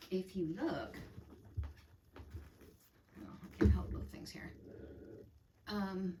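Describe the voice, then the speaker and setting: A woman's voice: fairly low pitch, a little hiss or hum. A middle-aged woman hosting a crafting channel, chatting casually and rambling about her stitching projects, often correcting herself mid-sentence. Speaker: cross stitch channel host. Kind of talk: casual crafting vlog chat. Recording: echoey room, voice a bit far from mic.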